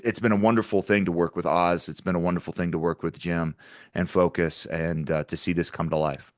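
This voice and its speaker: A man with a fairly low voice talks as an interview guest, earnest and quick to restart his sentences. The sound is dry and close, with no room around him. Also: no echo. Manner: earnest, with frequent stammered restarts. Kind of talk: conversational interview.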